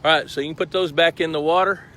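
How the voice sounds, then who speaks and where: Bright-voiced man explaining outdoors. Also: on the high side, steady tone, fast. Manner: explanatory, chatty, walking around. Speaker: host. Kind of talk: live-stream walkthrough. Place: outdoors by a lake at a fish truck. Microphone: handheld phone camera.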